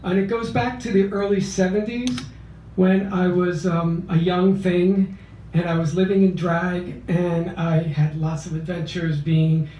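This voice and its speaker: A man in his sixties from Philadelphia reads his memoir-style poetry at a cafe open mic, deliberate and measured. His voice is high and his pace unhurried. He sounds distant and roomy. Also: level tone, mellow. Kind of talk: poetry reading of a memoir piece.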